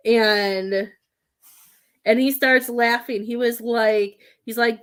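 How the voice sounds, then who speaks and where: A woman giving a live psychic reading as a medium, talking in halting, rambling bursts with many restarts. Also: a little high, fairly even intonation.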